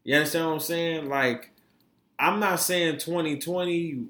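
Animated profane man ranting in an echoey room. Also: fairly high pitch, measured pace. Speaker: podcast co-host. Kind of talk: casual chat.

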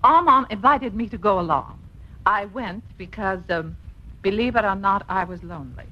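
An actress playing a witty, unruffled wife with an arch, teasing manner, in 1950s radio acting. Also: female voice, mid-range voice, moderate pace, lightly acted. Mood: breezy. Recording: dull lo-fi old radio broadcast.

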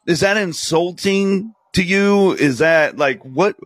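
A man's voice: high voice, takes it slowly, no echo. A man hosting a casual podcast, joking around, laughing easily and asking blunt questions. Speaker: podcast host. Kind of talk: casual chat.

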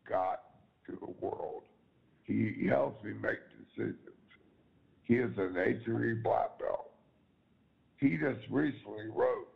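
Slow, gravelly man hosting with gusto. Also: on the low side, phone-quality sound. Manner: enthusiastic, repeats himself, calls the audience ladies and gentlemen. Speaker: show host. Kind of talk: animated online talk show hosting.

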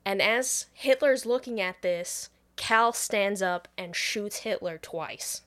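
A woman's voice: medium pitch, slow. A woman podcast co-host retelling a movie plot in casual chat, swearing freely and quoting characters as she goes. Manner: profane, animated recap with quoted voices.

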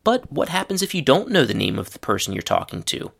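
A man explains everyday English phrases in a clear, steady lesson voice. His tone has a gravelly edge, and he acts out example phrases with lively rising intonation. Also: mid-range voice, quick pace. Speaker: English teacher. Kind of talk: scripted lesson narration.

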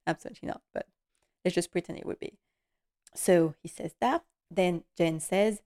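Female podcast host, casual recap, emotional and animated, mid-pitched voice. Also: moderate pace. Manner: animated and emotional, with nervous laughter.

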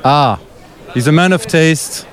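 A man's voice: on the high side, slow. A man answering quiz questions outdoors, good-humored and hesitant in his guesses. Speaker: passer-by, fan. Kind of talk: casual street interview.

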